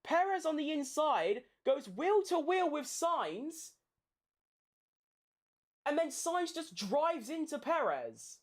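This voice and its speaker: A woman commentating a race watchalong live, sweary and excitable. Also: high-pitched, takes it slowly. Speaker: streamer hosting a race watchalong.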